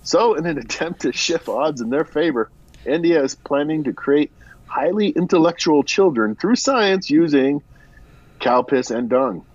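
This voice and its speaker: A man with a husky, lively voice reads a news story aloud, dropping wry asides. He sounds dry and close on a dull, lo-fi microphone. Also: fairly high pitch, unhurried, no room sound. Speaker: podcast co-host. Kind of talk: reading a news article aloud, casual.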